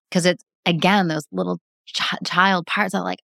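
A woman guest speaking calmly and earnestly in casual interview talk, with many "like" fillers. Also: on the low side, normal speed, creaky, dry recording, studio quality. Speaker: breathwork practitioner, guest.

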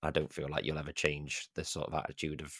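A man's voice: very deep voice, little pitch movement, fast talker, a bit bright, breathy edge, no room sound, studio quality. A British man in casual podcast chat, blunt and rambling, swearing freely and mimicking other people's voices. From United Kingdom.

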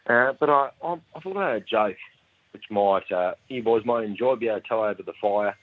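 A man's voice: fairly low pitch, fairly quick. A man with an Australian accent leaving a rambling, slightly tipsy phone message to tell a joke. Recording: tinny phone line.

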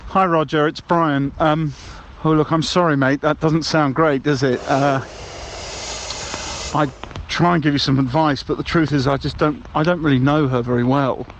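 A man's voice: on the high side, fairly even intonation, normal speed, slight background noise, poor audio. A man leaving rambling, cheerful voicemails as a balloon ride passenger, with many hesitations. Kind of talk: comic voicemail monologue.

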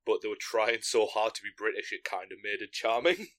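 A man's voice: on the low side, expressive, fairly quick, fairly bright tone. A man on a gaming podcast, talking casually and hesitantly with a few restarts.

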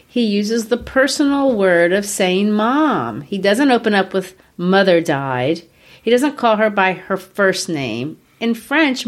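A woman co-hosting a casual literary discussion, explaining ideas in a measured way with occasional playful asides. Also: medium pitch. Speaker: podcast co-host.

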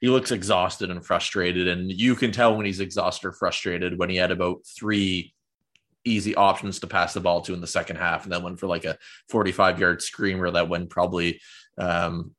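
A man's voice: sits low, steady tone, normal speed, fairly bright tone. A young man hosting a football fan podcast, talking casually and rambling with fillers and restarts. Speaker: podcast host.

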